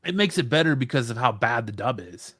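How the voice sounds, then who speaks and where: A man's voice: mid-range voice, expressive, a little fast, fairly bright tone, husky, no echo. Easygoing podcast man, dry sound. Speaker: podcast co-host. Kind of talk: casual chat.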